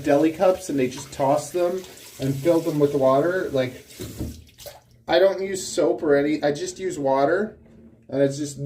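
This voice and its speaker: Young man, casual livestream chat, rambling, teasing, slightly high voice, faint background noise. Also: dark tone. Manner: rambling and teasing, laughs often. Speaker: snake keeper and livestream host.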